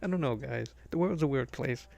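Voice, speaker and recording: A man's voice: mid-range voice, brisk, vocal fry, a little hiss or hum. A man from Massachusetts, a comic artist, chatting casually while he draws and telling stories with restarts and chuckles. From Massachusetts, USA. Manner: rambling, storytelling with restarts and chuckles. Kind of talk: casual chat while drawing. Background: soft background music.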